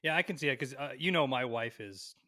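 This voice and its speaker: A young man on a podcast, telling a long family story in a lively, animated way and swearing freely. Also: medium pitch, fairly quick, no room sound, clean studio sound. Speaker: podcast co-host. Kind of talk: casual storytelling chat.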